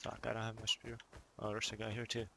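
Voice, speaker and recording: A man's voice: on the low side, completely flat delivery, quick pace, vocal fry, pushed and bright. A man giving frantic, swearing, sarcastic live commentary while playing a video game. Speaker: gaming video creator. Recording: noisy game audio behind.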